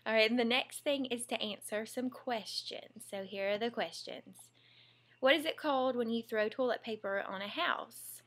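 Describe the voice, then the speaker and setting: A woman's voice: medium pitch, gravelly, fairly bright tone. A young woman with a Southern US accent, a mom and former teacher, chatting in a casual home vlog and reading off a word list. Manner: chatty and giggly, drawling asides.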